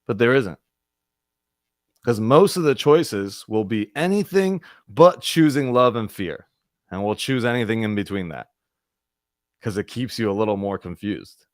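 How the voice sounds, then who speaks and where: A man with a fairly low voice hosts a spiritual group on a video call, speaking earnestly and loosely, often circling back on his words. His sound is dry and close. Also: animated, a little slow, long pauses, no room sound. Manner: earnest, repetitive, searching phrasing. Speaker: host of a spiritual discussion group. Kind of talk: casual spiritual talk.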